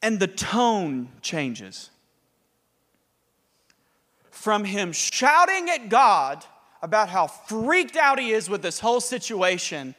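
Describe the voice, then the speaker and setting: A man preaching a sermon in an animated way, acting out scripture scenes with laughs. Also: high voice, slow pace, pauses often, big-room sound. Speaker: pastor.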